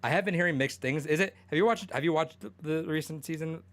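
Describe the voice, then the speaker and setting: A man's voice: a little high, fast talker, fairly bright tone. A young man co-hosting a podcast in casual chat, rambling with many fillers, restarts and swearing. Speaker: podcast co-host.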